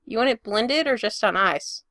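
A woman voicing a young male barista who talks in a brisk, friendly service manner. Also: on the high side, expressive, pushed and bright, dry recording, studio quality.

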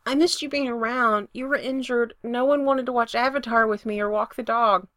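A woman reading aloud, voicing a shy, flustered young man with a squeaky voice in a storybook romance. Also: steady tone, moderate pace, fairly bright tone, dry recording, close to an everyday voice.

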